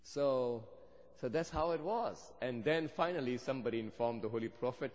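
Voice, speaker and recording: Preacher with a long hall echo. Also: male voice, mid-range voice, brisk, a little mellow. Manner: storytelling, rising to fervent emphasis. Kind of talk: sermon. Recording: dull sound with long hall reverb.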